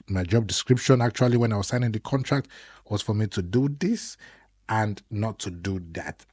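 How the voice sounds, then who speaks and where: A man's voice: lowish voice, breathy edge, no echo. A young man, complaining in a casual vlog monologue. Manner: complaining, animated storytelling. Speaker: vlogger.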